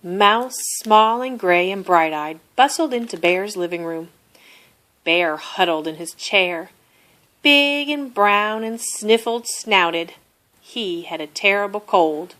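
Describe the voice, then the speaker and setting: A woman's medium-pitched voice carries a children's picture book read-aloud, paced slowly and full of expression.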